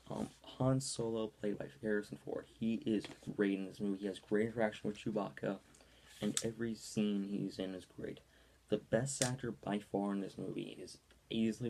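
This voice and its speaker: Casual, rambling video review from a low, gravelly young man. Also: darkish tone, slight background noise. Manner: rambling, with many ums and likes. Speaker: movie reviewer.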